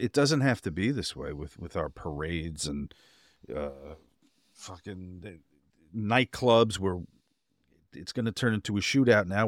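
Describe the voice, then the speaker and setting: A man's voice: sits low, no room sound, clean studio sound. A man co-hosting a podcast who talks emphatically, pressing his argument in casual chat. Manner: emphatic, argues his point hard. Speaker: podcast co-host. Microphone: podcast microphone.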